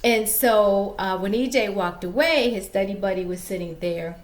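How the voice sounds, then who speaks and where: Woman, author, casual story-time vlog, chatty, speaks to viewers, mid pitch. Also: moderate pace, reverberant. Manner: chatty, addresses viewers directly.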